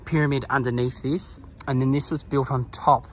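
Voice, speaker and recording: A man's voice: medium pitch, steady tone, moderate pace, a little hiss or hum. A man narrating a casual travel vlog outdoors at a pyramid site, chatty and laughing often, out of breath from the climb. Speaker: travel vlogger.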